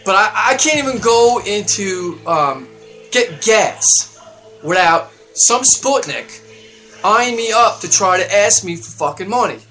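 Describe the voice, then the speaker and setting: A man hosting his own show, delivering a heated political rant that swings up into loud, high outbursts. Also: animated, unhurried, faint music behind. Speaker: show host. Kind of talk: ranting political monologue.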